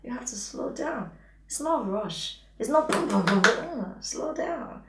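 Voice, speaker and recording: A woman's voice: a little high, animated, measured pace, heavy background noise. A woman giving frank, playful intimacy advice as a coach, often dropping into a whisper. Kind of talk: advice vlog talking to camera. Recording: echoey room, voice distant from mic.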